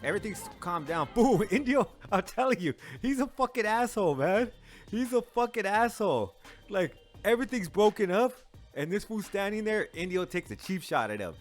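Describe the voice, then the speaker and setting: A man's voice: high-pitched, big pitch swings, moderate pace, soft background music. A man casually reacting to a movie, talking in profane slang and laughing often. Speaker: movie reviewer.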